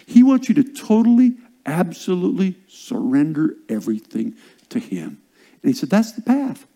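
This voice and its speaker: An older man preaching a sermon as a pastor, swinging from loud, stressed phrases down to hushed whispers. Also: high voice, sing-song, normal speed.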